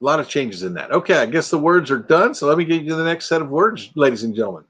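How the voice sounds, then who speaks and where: A man's voice: on the high side, expressive, fast, a bit bright, husky. An older man from Texas with a Texan accent, hosting a casual live chat and joking around with silly bits. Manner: jokey, slips into silly bits and voices. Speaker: livestream host.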